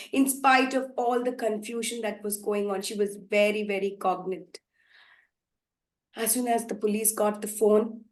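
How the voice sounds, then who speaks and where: A woman telling a story at a live event, dramatic, with sudden loud outbursts and hushed passages. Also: on the high side. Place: festival storytelling venue. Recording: echoey room, live performance.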